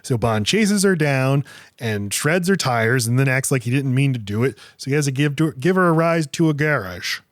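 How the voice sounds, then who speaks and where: A man co-hosting a podcast, retelling a film scene by scene in casual, animated chat. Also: mid-range voice, moderate pace, dry recording, studio quality. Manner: animated retelling with swearing and voice impressions. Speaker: podcast co-host.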